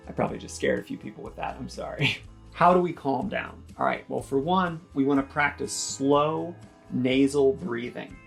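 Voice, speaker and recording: A man explains toothache relief in a chatty, joking way, calm and reassuring throughout. His voice has a gravelly, slightly creaky texture. Soft guitar music plays faintly behind him. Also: mid-range voice, moderate pace. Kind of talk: casual instructional vlog.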